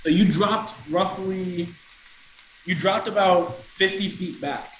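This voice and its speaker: Echoey game master narrating the action. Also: male voice, high-pitched, takes it slowly, slight background noise. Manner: walks through actions step by step.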